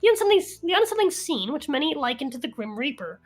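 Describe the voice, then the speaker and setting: A woman's voice: high voice, sing-song, quick pace, faint music behind. A woman co-hosting a podcast, playfully reading news stories aloud with small stumbles.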